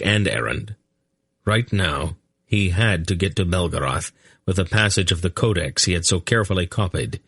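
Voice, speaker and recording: Male audiobook narrator, deep, dry studio sound, measured delivery. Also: a bit bright, no echo. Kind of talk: scripted narration.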